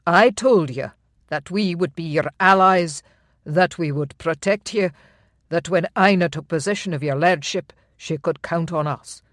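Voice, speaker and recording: Firm, measured laird, assertive and unbothered; a romance-novel hero read by the narrator; dry, close sound. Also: mid-range voice, fairly bright tone, no room sound, close to an everyday voice. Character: firm calm male Highland laird.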